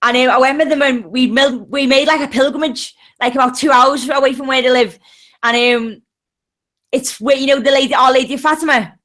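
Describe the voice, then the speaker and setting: A woman with a Liverpool accent chats away bluntly on a video call and swears freely. Her voice is high, and its tone is bright and forceful. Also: steady tone, fairly quick. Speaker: panelist in a group video chat. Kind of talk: casual chat.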